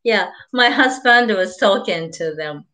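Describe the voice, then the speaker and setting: An older woman with a Japanese accent teaching beginners, slowly repeating each word, greeting viewers and laughing often. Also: medium pitch, expressive, a bit bright. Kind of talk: live-streamed beginner language lesson.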